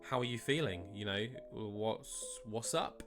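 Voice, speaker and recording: Polite woman interviewer, read out by a low-voiced man. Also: unhurried, over music. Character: female ringside interviewer, polite.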